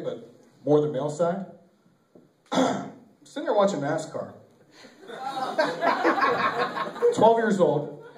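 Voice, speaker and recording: A man doing a crude, rambling, self-deprecating stand-up comedy set in a small venue. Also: on the high side. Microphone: handheld camera from the audience. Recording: echoey room, camera far from the stage.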